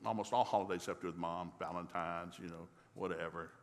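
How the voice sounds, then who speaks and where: A man's voice: low voice, fast. Folksy older man preaching in a hall. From rural American South. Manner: folksy, animated storyteller. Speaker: pastor. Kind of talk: humorous sermon storytelling.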